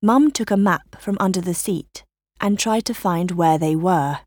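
A woman reading a children's story aloud in a slow, careful narrating voice. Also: on the low side, darkish tone, dry recording, clean studio sound.

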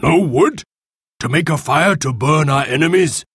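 A man's voice: mid-range voice, expressive, slow pace, breathy edge, no room sound, studio quality. A man voicing a stern, proud leader in a storybook reading.

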